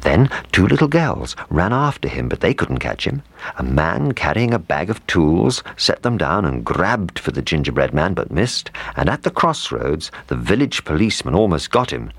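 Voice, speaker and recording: A man reading a children's storybook aloud with expressive, lively intonation. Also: low voice, moderate pace, creaky, no echo.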